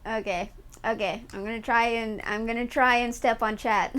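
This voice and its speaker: A woman's voice: on the high side, steady tone, normal speed, a bit bright. A woman streaming live, chatting casually with her viewers in a playful, giggly way and swearing freely.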